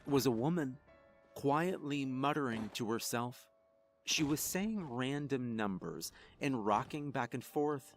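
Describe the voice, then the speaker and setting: A man narrating a first-person horror story in a measured, ominous, scripted delivery. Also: medium pitch.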